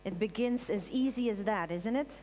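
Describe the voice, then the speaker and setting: A woman hosting a live stage event, thanking the crew and calling people up in a lively, informal way. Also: mid-range voice, normal speed. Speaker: event host. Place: large event hall with audience. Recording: hall reverb, audience, faint hum.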